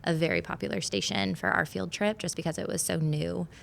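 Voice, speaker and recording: Woman teacher, low gravelly voice, earnest podcast guest, faint rumble behind. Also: steady tone, a little fast. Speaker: fourth grade teacher. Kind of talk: podcast conversation.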